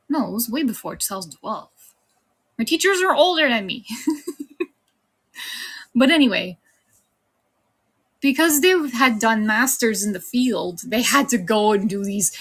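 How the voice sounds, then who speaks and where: A woman's voice: medium pitch, vocal fry, fairly bright tone, breathy edge. A woman in her thirties with a slight Irish tinge, chatting casually on her streaming debut and laughing often. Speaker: VTuber streamer. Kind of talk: casual livestream chat.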